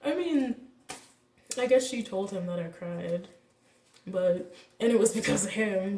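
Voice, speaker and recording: A young woman vlogger casually telling a personal story, candid and animated, acting out what people said. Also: fairly high pitch, distant mic. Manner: candid, animated retelling with quoted voices and laughs. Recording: echoey room, voice a bit off-mic.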